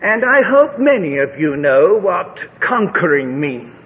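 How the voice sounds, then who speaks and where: A man's voice: very animated, measured pace. A man preaching a sermon, reading scripture and telling stories with dramatic, rising delivery. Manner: dramatic, rising to high shouts in a told story. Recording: dull lo-fi recording in a large reverberant hall.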